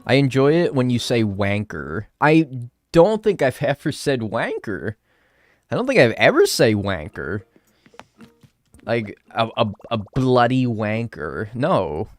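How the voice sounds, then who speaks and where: A man's voice: medium pitch, big pitch swings, measured pace, dry recording, faint music behind. An American man chatting casually on a live stream while playing a game, joking around and swearing freely.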